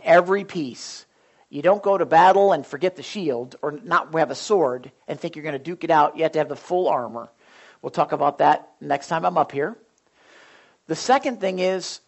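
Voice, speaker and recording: A man preaching a sermon, telling stories and acting out his own thoughts in an animated way. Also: fairly high pitch.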